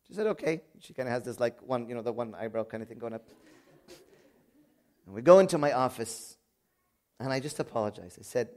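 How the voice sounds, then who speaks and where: Middle-aged priest man giving a sermon, kinda high voice, goes soft and confessional then punches up loud. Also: brisk. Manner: earnest storytelling, swings from quiet confession to raised emphasis.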